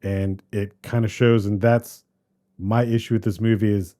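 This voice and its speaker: A man co-hosting a podcast, chatting casually about a movie in a rambling, animated way that keeps trailing off and restarting. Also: fairly low pitch, normal speed. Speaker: podcast co-host. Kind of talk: casual movie review chat.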